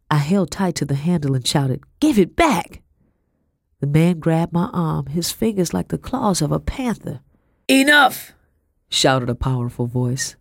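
A woman reading a first-person story aloud in a measured, grave way. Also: rumbling low, creaky, a little mellow, no echo, clean studio sound. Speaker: audiobook narrator.

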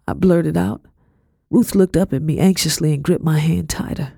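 Woman, first-person story narration, earnest, quietly tense, husky. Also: deep voice, moderate pace, no room sound, studio quality. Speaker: audiobook reader.

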